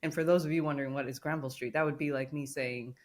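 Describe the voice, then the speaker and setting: Her voice rumbles low and moves quickly as this woman co-hosts a podcast. She spins an animated story in casual conversation, performing the quoted lines.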